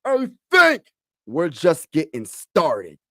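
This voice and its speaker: A man putting on an earnest basketball star's voice, slow and drawn out. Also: high-pitched, very animated, no room sound, clean studio sound, voice pushed up, exaggerated voice. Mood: emphatic. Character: impression of a star basketball center, adult man, earnest.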